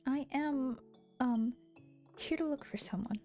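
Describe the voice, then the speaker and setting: A woman's voice: high voice, a little slow, mellow, soft background music, pitched above the performer's own voice. A woman voicing a peppy, determined young foreign woman who talks earnestly and stammers when flustered.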